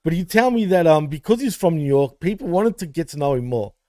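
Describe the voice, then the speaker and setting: A man's voice: fairly high pitch, very animated, fairly quick, mellow, dry recording. A man co-hosting a wrestling podcast, paying a rambling, heartfelt tribute to a late friend, full of fillers. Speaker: podcast co-host.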